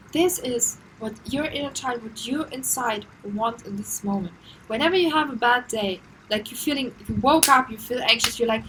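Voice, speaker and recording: Woman, self-help vlogger, earnest and repetitive, slightly high voice, faint background noise. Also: normal speed, a bit bright, rough recording. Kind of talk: casual advice monologue.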